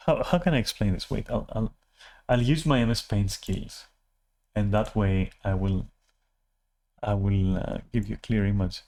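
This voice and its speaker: He has a fairly low, darkish voice. As a vlogger ranting casually to the camera, he rambles, makes fun of himself, swears freely, and restarts sentences often, padding them with filler words.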